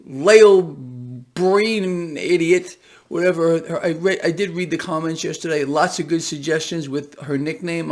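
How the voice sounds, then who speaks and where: An American man giving casual, sarcastic market commentary in an animated, mocking way, as a finance video blogger. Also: a little high.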